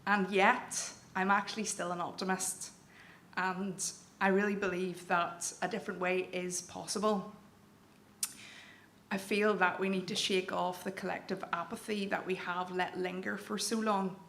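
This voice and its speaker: Gravelly Northern Irish woman telling a story. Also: medium pitch, little pitch movement, a little slow, a bit bright. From Northern Ireland, County Down. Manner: candid, self-deprecating, wry. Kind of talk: live personal storytelling. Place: event venue with audience. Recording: echoey hall with faint room noise.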